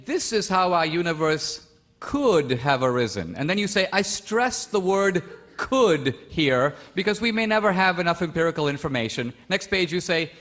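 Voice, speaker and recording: A man from India debates on stage in a fairly high voice. He presses his case with pointed, insistent questions. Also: fairly bright tone. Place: debate stage before a live audience.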